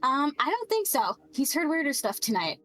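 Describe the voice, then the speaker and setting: Young woman, game master, chatty tabletop narration, fairly high voice, soft background music. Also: big pitch swings, moderate pace, rough recording. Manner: chatty, giggly, filler-heavy narration.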